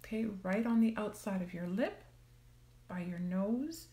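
Female meditation teacher, gentle, half-whispered delivery, warm tone, echoey room. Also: medium pitch, expressive, unhurried. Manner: soft, gentle, often drops to a whisper. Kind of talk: guided meditation on a live stream.

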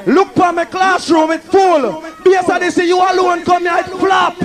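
A man's voice: very high voice, fairly even intonation, normal speed. A man with a Jamaican accent MCing a live sound clash, taunting the rival sound in a brash, boastful manner. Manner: brash, taunting, shouting over the music. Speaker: sound system selector. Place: packed dance venue. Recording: live dance with loud music and crowd.

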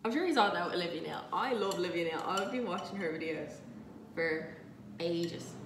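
A woman's voice: fairly low pitch, expressive, normal speed, recorded from a distance, noisy background. A young woman with a light Dublin Irish accent talks casually and rambles while she cooks, swearing freely and poking fun at herself. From Ireland, Dublin. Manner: chatty, rambling, self-mocking, swears freely. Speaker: vlogger. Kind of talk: casual chatty vlog while cooking. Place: home kitchen, indoors. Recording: echoey kitchen, voice a little off-mic.

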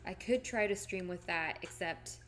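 A woman's voice: on the low side, normal speed, a bit bright, faint music behind. A woman live streaming while she paints, chatting casually with viewers in a playfully melodramatic, mock-tearful way.

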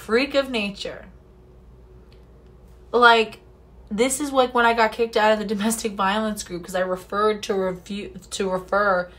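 A woman's voice: medium pitch, fairly bright tone. A woman reading a news story aloud and breaking off into sarcastic, profane, indignant asides. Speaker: commentary vlogger.

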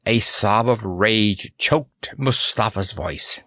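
Male audiobook narrator: slow, animated pitch, dry close sound. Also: dry recording. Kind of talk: scripted narration.

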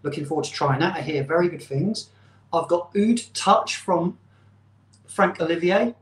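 A man's voice: a little high, normal speed. A man hosting a casual live stream, chatty and rambling, often poking fun at himself. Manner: chatty, rambling, self-deprecating. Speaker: channel host. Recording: roomy echo.

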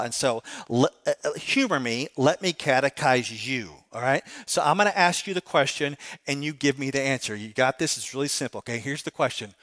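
A man's voice: mid-range voice, a little fast, hardly any pauses, a bit bright. A middle-aged man, a pastor, preaching a sermon in a conversational way and often asking the congregation rhetorical questions. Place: church sanctuary.

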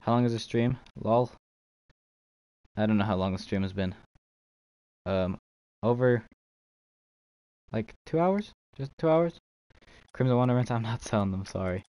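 A man's voice: fairly low pitch, steady tone, moderate pace, pauses often, dark tone, smooth, no echo. A young man streaming a game, chatting casually with viewers, laughing and swearing easily. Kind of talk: casual live-stream chat while trading.

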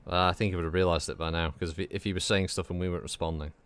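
A man's voice: low-pitched, steady tone, very fast, a bit bright, dry recording. A man streaming a video game, chatting casually with friends, joking and laughing often. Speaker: gaming streamer. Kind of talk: casual chat while gaming.

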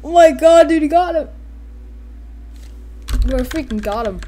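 Woman, gameplay commentary, excitable, high-ish voice, lively swooping pitch, faint hiss behind. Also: measured pace. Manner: excitable, exclaims and giggles often.

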